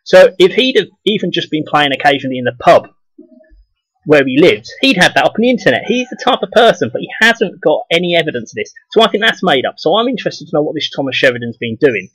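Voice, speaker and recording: A man's voice: on the high side, sing-song, fast, a bit bright, husky, dry recording, rough recording. A man blogging to camera in a blunt, profane, scornful rant. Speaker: video blogger. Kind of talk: casual ranting monologue to camera.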